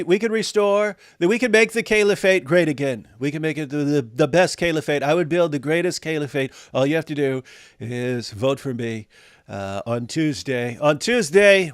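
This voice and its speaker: A man's voice: on the high side, clear, resonant tone, no room sound, studio quality, natural voice. A man doing an impression of a boastful older male politician who brags in repetitive superlatives.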